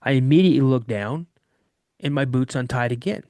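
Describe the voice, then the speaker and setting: Animated man telling a story. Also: mid-range voice, a little fast, dry recording. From Washington state. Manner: animated, vivid retelling with frequent restarts. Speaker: guest telling an encounter story. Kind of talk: casual first-person storytelling.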